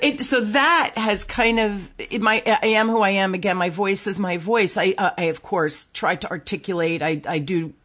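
Host: woman, North Jersey accent, upbeat and giggly, chatty and quick. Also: medium pitch, a bit bright. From New Jersey, US. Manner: enthusiastic, giggly, quick asides. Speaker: podcast host. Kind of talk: casual interview chat.

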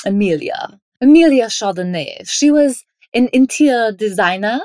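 A woman's voice: a little high, expressive, moderate pace, a little mellow, no echo, studio quality. A woman guest on a podcast interview, talking in an upbeat, playful way. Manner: upbeat, playful, laughs often. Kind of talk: interview, conversational.

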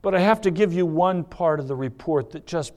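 Male pastor preaching, fairly high voice, impassioned, big swings from loud to hushed. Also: brisk. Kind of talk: sermon.

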